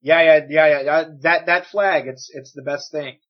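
A man's voice: a little high, fairly even intonation, normal speed. A man co-hosting a casual chat, stammering through restarts and joking sarcastically. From United States. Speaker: podcast co-host. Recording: slightly muffled audio.

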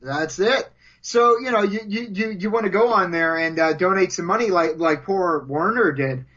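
A man with a high, bright voice co-hosts a joking podcast. He rambles and stammers, tripping over repeated words. The audio is dull and lo-fi. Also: moderate pace, husky. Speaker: podcast co-host. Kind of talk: comedic podcast banter.

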